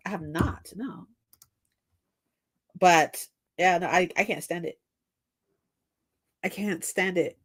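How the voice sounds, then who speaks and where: Young adult woman, casual livestream chat, blunt, swears freely, laughs a lot, animated voice. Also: medium pitch, takes it slowly, long pauses. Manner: acts out both sides of workplace arguments. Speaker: book streamer.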